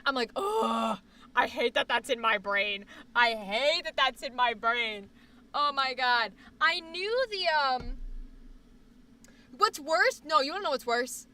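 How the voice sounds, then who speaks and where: A young woman streamer chatting casually on a live stream, rambling, swearing often and breaking into sudden loud outbursts. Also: sits high, distant mic.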